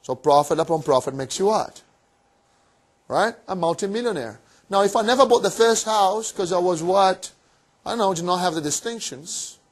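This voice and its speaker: High-voiced cheeky seminar presenter man. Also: normal speed. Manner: energetic, cheeky, fires rhetorical questions. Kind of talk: motivational finance seminar talk. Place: room with a live audience.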